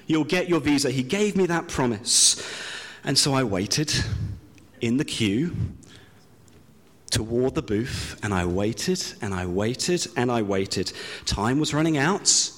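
A man from Britain preaching a sermon, telling a self-deprecating story with slow, drawn-out pauses. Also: medium pitch, sing-song, fairly bright tone. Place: church hall. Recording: long hall reverb.

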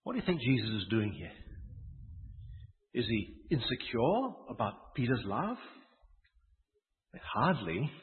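A man's voice: medium pitch, very animated, slow, pauses often. A man preaching a sermon, retelling a story with asides and rhetorical questions. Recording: tinny, phone-like sound with long hall echo.

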